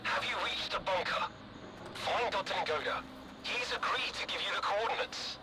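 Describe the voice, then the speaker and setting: High-ish radio voice giving orders, loads of static hiss. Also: male voice, moderate pace. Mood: businesslike. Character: adult male radio contact giving mission orders. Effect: radio transmission. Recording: loud noisy radio static.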